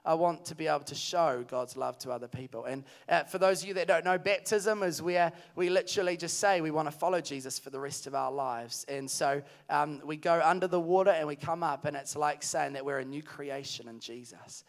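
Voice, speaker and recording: A man's voice: on the high side, fairly quick, hardly any pauses. A man preaching at a youth camp, telling a story earnestly and then calling energetically to the crowd. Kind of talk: sermon. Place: large hall at a camp.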